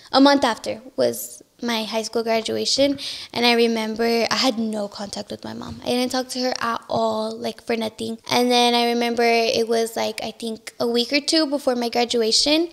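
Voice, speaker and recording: A young woman telling her story as a guest in a casual interview, soft-spoken and emotional, tearful at times, with many fillers. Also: on the high side, vocal fry. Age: young adult.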